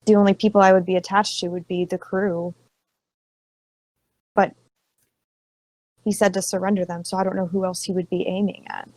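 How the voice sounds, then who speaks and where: A woman's voice: medium pitch, flat delivery, normal speed, long pauses, a little mellow, poor audio. A woman player talking in character in a tabletop game, asking questions and often restarting her sentences. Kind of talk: in-character roleplay chat.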